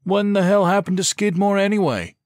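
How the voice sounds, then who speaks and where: A man's voice: high-pitched, brisk, no room sound, pitched above the performer's own voice. Narrator doing a cocky young swat guy, swearing, dry voice. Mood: brash. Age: 20s. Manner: brash, cussing. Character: young tall male SWAT officer, brash.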